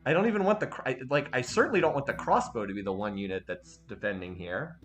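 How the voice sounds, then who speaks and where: A man commentating his strategy game as he plays, halting and repeating himself when frustrated. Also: mid-range voice. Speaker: game streamer. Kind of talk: let's play commentary.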